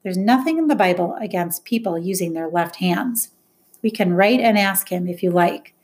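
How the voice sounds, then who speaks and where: A woman voicing a firm, educated woman guardian who speaks with crisp, commanding diction. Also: mid-range voice, normal speed, a little mellow, lightly acted. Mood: stern. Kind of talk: audiobook character voice.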